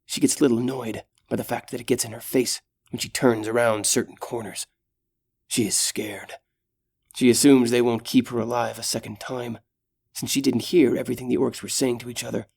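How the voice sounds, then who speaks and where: A man reading a fantasy audiobook in steady, dramatic narration. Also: medium pitch, creaky.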